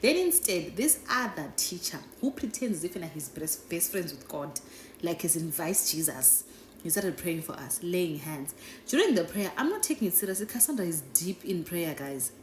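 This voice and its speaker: A young woman telling a casual storytime, chatty and animated, constantly checking in with "right?" and "guys". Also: on the low side, normal speed. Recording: echoey room with faint noise.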